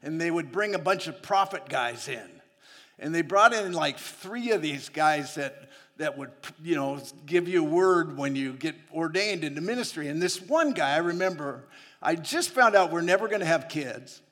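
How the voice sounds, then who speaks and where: A man's voice: a little high, animated, moderate pace, a bit bright. A man preaching a sermon that tells stories from his own life, chatty and often laughing between lines. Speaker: missionary preacher. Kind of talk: sermon with personal storytelling. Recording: long hall reverb.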